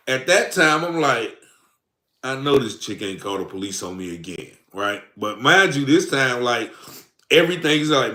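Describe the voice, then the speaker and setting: A man's voice: mid-range voice, pushed and bright, roomy sound. A man telling his own story in a rambling, casual way, acting out the lines of both sides of an argument. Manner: rambling, acts out quoted dialogue.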